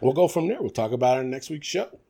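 A man's voice: medium pitch, expressive, fast, gravelly, mellow. A young man co-hosting a podcast, chatting casually and animatedly, laughing often and talking in fillers. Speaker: podcast co-host. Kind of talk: casual wrestling chat.

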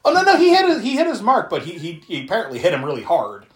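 Racing along in a high, slightly bright voice whose pitch swoops wildly, this man runs a podcast and casually goes over a movie. His talk is chatty and profane, packed with fillers and frequent laughter, recorded with a roomy echo.

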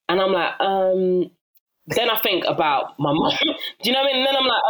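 A young woman with a South London accent is a guest in a casual interview, telling stories and acting out other people's voices. She's an animated storyteller who laughs often, with a voice on the low side and a brisk delivery.

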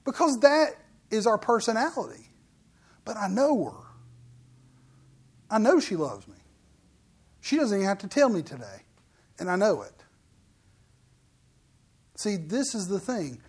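A man's voice: sits high, huge pitch swings, unhurried, long pauses, breathy edge. A middle-aged man preaching a sermon as pastor, in a folksy, joking, conversational way.

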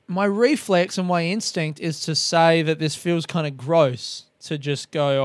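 A man's voice: a little high, fairly even intonation, measured pace, hardly any pauses, dry recording. A man talking in a casual, rambling monologue on a podcast, swearing often and mocking himself. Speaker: comedian podcast host.

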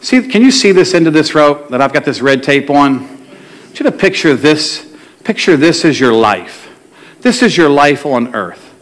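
Male pastor, fairly high voice, chatty sermon delivery with questions to the congregation. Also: big pitch swings, normal speed. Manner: conversational, asks the congregation questions and tells jokes. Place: church sanctuary before a congregation.

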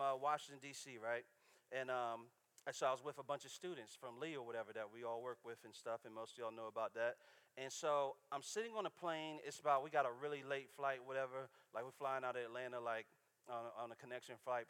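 A man's voice: mid-range voice, steady tone, fast talker, fairly bright tone, clear, resonant tone. A man preaching a casual, story-driven sermon in church, constantly checking in with the congregation. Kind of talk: conversational sermon with stories.

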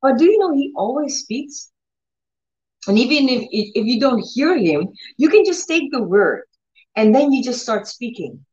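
A woman's voice: a little high, big pitch swings, normal speed, a little mellow, reverberant, lo-fi sound. A woman preaching a conversational sermon on her own channel, earnest and repetitive, with many restarts and direct questions to her listeners. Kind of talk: conversational sermon with Bible reading.

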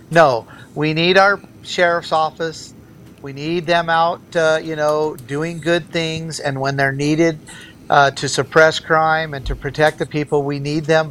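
With a slightly high, somewhat bright voice, a man campaigning for governor presses his views as an interview guest. He is earnest and emphatic, repeating phrases to drive points home, and a faint hiss or hum runs underneath.

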